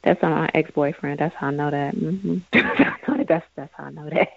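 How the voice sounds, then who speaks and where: A woman's voice: low voice, measured pace, vocal fry, no echo. A woman chatting casually and laughing, often acting out little voices as she talks. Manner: animated, laughing, acts out voices. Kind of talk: casual chat. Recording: dry tinny phone-like line.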